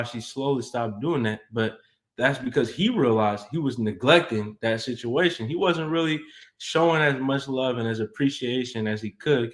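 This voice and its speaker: A man co-hosting a live relationship advice show, laying out a listener's situation in a loose, casual way with lots of fillers. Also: mid-range voice. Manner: relaxed, loose, filler-heavy phrasing. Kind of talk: casual live-stream chat.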